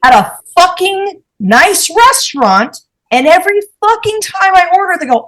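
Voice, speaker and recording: Animated woman telling a profane story. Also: very high voice, moderate pace. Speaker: podcast panelist. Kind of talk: casual storytelling chat.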